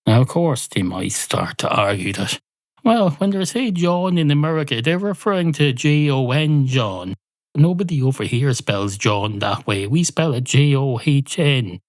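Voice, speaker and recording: A man with an Irish accent delivering a rambling, mock-indignant comic monologue as a podcast host, swearing freely and jumping in pitch. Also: animated, unhurried, no echo. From Ireland.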